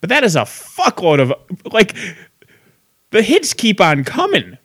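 Bright-voiced man chatting casually. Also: high voice, wildly swooping pitch, unhurried, slightly rough, no room sound, clean studio sound. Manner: profane, laughing, chatty. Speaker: podcast co-host. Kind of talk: casual chat.

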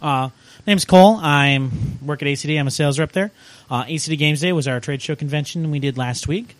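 Easygoing man with halting delivery. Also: on the high side, no room sound. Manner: relaxed, hesitant with many uh fillers. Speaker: guest sales rep. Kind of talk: casual podcast chat.

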